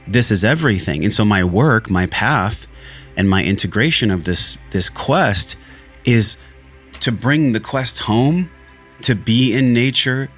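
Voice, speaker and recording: Low-voiced male podcast host, earnest and heartfelt, casual and profane, faint music under him. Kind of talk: solo podcast monologue.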